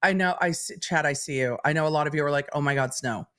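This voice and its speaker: A woman's voice: deep voice, quick pace, a bit bright. A woman hosting a live stream who comments on courtroom testimony, thinking aloud in an analytical, conversational way. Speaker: legal commentator host.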